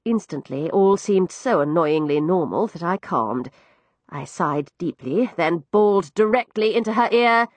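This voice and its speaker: A woman narrates a first-person tale with wry, expressive storytelling. Her voice swings animatedly with a soft, breathy grain, recorded dry and close to the mic. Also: fairly low pitch, unhurried, no echo. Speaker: audiobook narrator.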